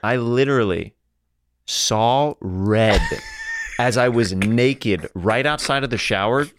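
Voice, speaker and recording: A man hosting a casual podcast from a garage studio, telling a story in an animated way and laughing often. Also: mid-range voice, slow, dry recording. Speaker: podcast host.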